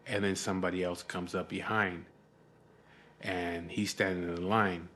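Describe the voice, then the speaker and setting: Male vlogger, lowish voice, rambling and profane, exasperated casual storytelling. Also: level tone, moderate pace, pushed and bright, slight background noise.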